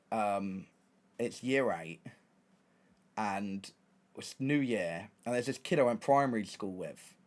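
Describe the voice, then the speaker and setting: A young man telling casual stories to his livestream chat, animated and swearing freely. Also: lowish voice. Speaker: streamer.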